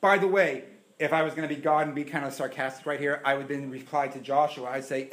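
A man preaching a sermon in church, acting out quoted prayers and swinging between loud bursts and hushed asides. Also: fairly high pitch, fairly even intonation, fast talker. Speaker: pastor.

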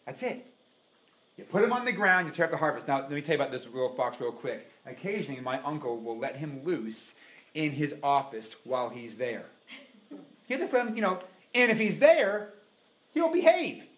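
A man preaching a sermon in a church, animated and dramatic, acting out the voices he quotes. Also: fairly high pitch, moderate pace.

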